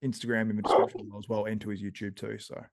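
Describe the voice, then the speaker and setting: A man's voice: lowish voice, level tone, rapid-fire, vocal fry, a little mellow. A man hosting a bodybuilding podcast, chatting casually and wrapping up the show with upbeat promotional plugs. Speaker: podcast host. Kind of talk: casual chat and show outro.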